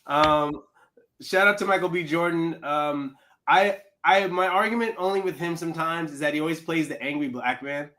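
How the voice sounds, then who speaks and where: A man's voice: a little high, moderate pace, pushed and bright. A man co-hosting a podcast in casual chat, teasing and playful, often restarting his sentences. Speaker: podcast co-host.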